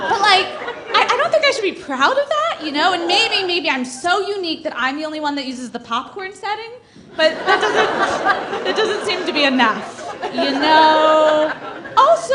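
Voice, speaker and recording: High-voiced young woman doing stand-up. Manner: hesitant, deadpan delivery with many fillers. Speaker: stand-up comedian. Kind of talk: stand-up comedy set. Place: comedy club stage. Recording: noisy live club recording.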